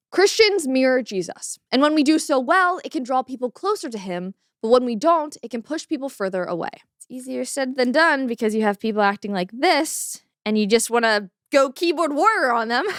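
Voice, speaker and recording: A woman's voice: high-pitched, a bit bright, no echo, clean studio sound. Earnest woman commentary host. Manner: earnest, opinionated, faith-based commentary.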